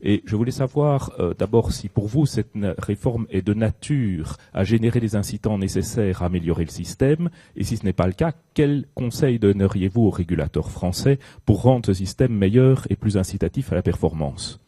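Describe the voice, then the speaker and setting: A man's voice: on the low side, animated, a little fast, few pauses, dark tone, slightly rough, no echo. A man, president of a trade association, asking a panelist a polite, formal question from the audience. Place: conference hall.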